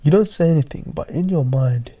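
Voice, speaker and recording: Dark-voiced man telling a storytime. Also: a little high, expressive, a little fast. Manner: drops into hushed, half-whispered asides. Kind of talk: casual second-person storytime.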